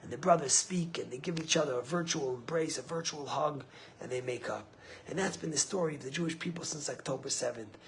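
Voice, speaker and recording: A man speaking as a rabbi, giving a sermon with stories, swinging from low, quiet phrases to high, emphatic peaks. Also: fairly quick, slight background noise. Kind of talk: sermon with storytelling.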